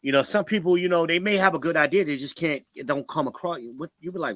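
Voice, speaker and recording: A man's voice: a little high, fast, a bit bright, dry recording, rough recording. A man hosting a casual livestream, talking bluntly and preachily to the viewers in the chat. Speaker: livestream host.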